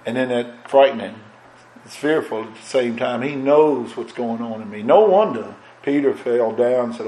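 A man's voice: medium pitch, moderate pace, warm tone. Impassioned preacher man in an echoey church. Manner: impassioned preaching cadence, swelling and dropping. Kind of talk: sermon.

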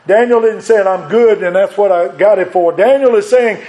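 A man preaching a sermon, emphatic, rising to loud peaks and repeating his phrases. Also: sits high, moderate pace, low-quality recording.

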